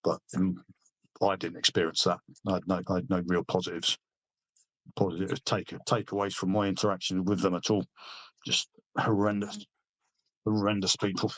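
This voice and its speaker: Man, middle-aged, from Britain, low voice, dry sound, blunt, sweary, halting. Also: level tone, fairly bright tone, no echo. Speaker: army veteran guest. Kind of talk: casual interview storytelling.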